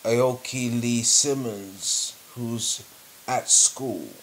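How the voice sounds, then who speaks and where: A man giving spoken commentary in a measured, deliberate way, pausing between phrases. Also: mid-range voice, a bit bright, slight background noise. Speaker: video commentator.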